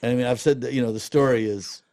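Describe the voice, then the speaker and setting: A middle-aged festival director, appearing as a guest in a casual interview, speaks fast at a medium pitch. He's an animated storyteller who acts out the voices of those he quotes. The studio-quality recording has no echo.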